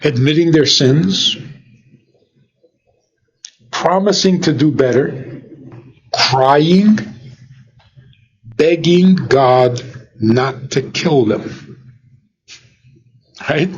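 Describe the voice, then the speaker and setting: A man's voice: fairly high pitch, very slow, long pauses, muffled recording. A man who is a rabbi, giving an informal teaching talk full of rhetorical questions, often chuckling. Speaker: rabbi and lecturer.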